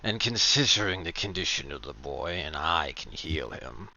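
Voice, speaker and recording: A man playing a tabletop game makes flat, firm statements in an extremely deep voice with a bright edge. His mic sounds dull and lo-fi. There is a faint hiss of noise behind him. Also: normal speed, creaky. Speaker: player.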